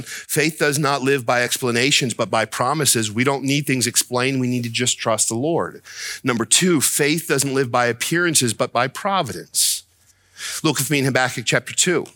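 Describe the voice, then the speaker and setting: A male pastor preaching a sermon with strong emphasis. He slows down and drops his voice to read scripture, then rises close to shouting when he acts out the prophet's complaints. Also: medium pitch, dry recording.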